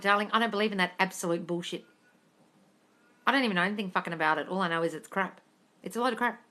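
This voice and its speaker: An outspoken woman with a bright, slightly high voice hosts a casual live Q&A from her phone, answering what viewers ask. Blunt and freely sweary, she calls everyone darling and squeals and laughs at comments with lots of energy.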